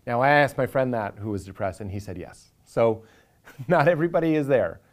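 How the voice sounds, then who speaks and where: A man's voice: medium pitch, animated, brisk. A man, a comedian talking earnestly and with animation in a reflective interview, now and then acting out inner voices for a laugh.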